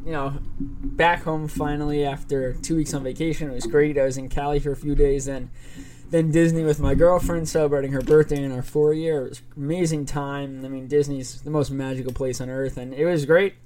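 A young man co-hosting a casual podcast, telling a story in an animated way and acting out both sides of phone calls. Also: a little high, fairly quick, slight background noise. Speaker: podcast co-host.

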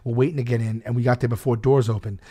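A man telling a story in casual chat, animated and laughing often, acting out shouted quotes. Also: mid-range voice, fast.

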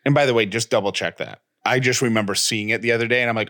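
A man's voice: mid-range voice, rapid-fire, fairly bright tone, no room sound. Joking man on a dry home podcast. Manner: joking, playful bits. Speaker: podcast co-host. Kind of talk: casual chat.

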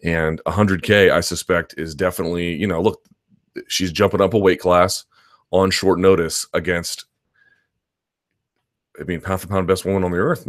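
Deep-voiced man rambling through chat questions. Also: no room sound, studio quality. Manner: conversational, rambling, frequent restarts and asides. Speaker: host answering live chat questions. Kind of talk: casual live-stream chat.

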